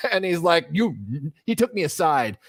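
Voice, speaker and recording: A man's voice: high voice, big pitch swings, normal speed, a bit bright, no room sound, clean studio sound. A middle-aged man hosting a casual live stream, thinking aloud as he works, rambling with fillers. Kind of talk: casual livestream chat while working.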